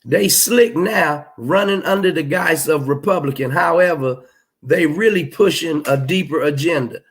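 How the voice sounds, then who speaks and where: A man's voice: on the high side, moderate pace. A middle-aged man, hosting a livestream and reading out chat comments in a blunt, emphatic, profane way. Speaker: livestream host.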